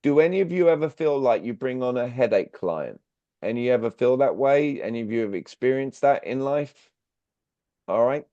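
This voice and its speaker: A man's voice: medium pitch, animated, moderate pace, dark tone, no echo. A man, a clarity coach, leading an online workshop and constantly asking the audience questions. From Britain. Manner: engaging, asks the audience frequent questions. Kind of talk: interactive online workshop talk. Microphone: video call. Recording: dry, slightly dull video call audio.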